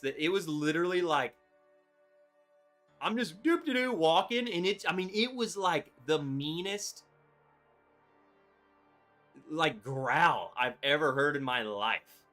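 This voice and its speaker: A man hosting a livestream, telling a story in an animated, excitable way with lots of "like"s. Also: a little high, unhurried, faint music behind. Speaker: livestream host.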